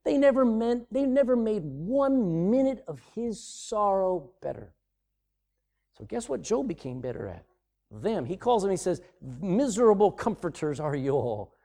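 A middle-aged man preaching a sermon as pastor, swinging from loud emphasis to sudden hushed drops. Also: high voice, big pitch swings, measured pace, creaky.

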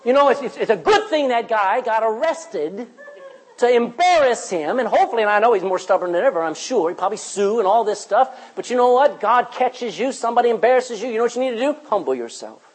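Male pastor mid-sermon in a church, slightly husky tone. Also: extremely high pitch, brisk, rough recording. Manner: preaching with animated rises and soft drops.

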